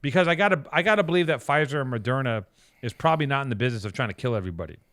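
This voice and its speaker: A podcast co-host, a man whose voice comes across smooth and clear in a dry, close recording. He tells long, rambling stories with heavy sarcasm and lots of swearing, in an easy, casual chat. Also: mid-range voice, expressive, very fast, a bit bright, no echo. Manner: rambling, sarcastic, profane storytelling.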